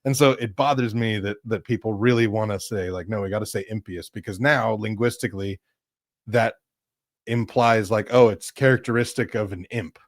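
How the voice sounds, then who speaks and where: A man's voice: lowish voice, steady tone, moderate pace, no room sound, clean studio sound. A man co-hosting a casual religious conversation, chatty with frequent laughs and fillers. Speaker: podcast co-host.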